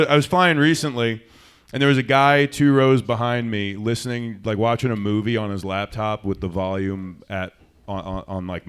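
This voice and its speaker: A young man doing a stand-up comedy set in a club, rambling and self-deprecating, going from loud bursts to mumbled asides. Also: fairly low pitch, clear, resonant tone.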